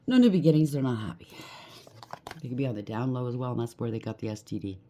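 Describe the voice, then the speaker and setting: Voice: mid-range voice, fairly even intonation, fast, mellow, a little hiss or hum. A tarot reader giving a collective reading, blunt and emphatic, rattling off lists of traits and often checking in with "okay?".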